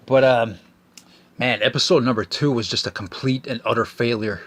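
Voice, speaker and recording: A man's voice: medium pitch, moderate pace, a bit bright. A man hosting his own podcast alone, talking casually in a profane, exasperated and joking way. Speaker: podcast host. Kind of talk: casual solo podcast rant.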